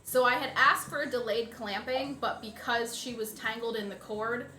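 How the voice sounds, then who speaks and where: Bright-voiced woman telling a story. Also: a little high, normal speed, a little hiss or hum. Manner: animated, lively retelling. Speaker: streamer's partner, co-host. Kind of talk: casual storytelling chat. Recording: roomy echo.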